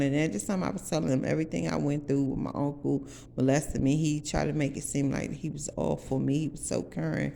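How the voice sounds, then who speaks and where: A woman's voice: low-pitched, fairly even intonation, fairly quick, gravelly, dark tone, slight background noise. A woman in her forties from the Washington DC area, telling her story to viewers in a blunt, profane, emphatic way. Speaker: vlogger.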